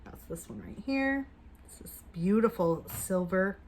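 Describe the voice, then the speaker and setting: Woman, beauty vlogger, casual makeup review, chatty, upbeat, hushed asides, mid-pitched voice. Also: expressive, a little slow, a little hiss or hum.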